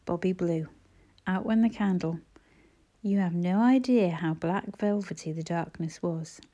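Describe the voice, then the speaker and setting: A woman reading a children's story aloud in a measured storytelling manner. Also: lowish voice, dark tone, muffled recording. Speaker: audiobook narrator.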